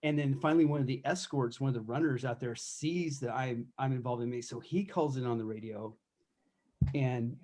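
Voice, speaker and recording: Here a self-defense instructor in middle age, speaking at normal speed in a darkish medium-pitched voice, recalls his time as a corrections officer. The stories are candid and profane, told with many restarts over a casual live chat.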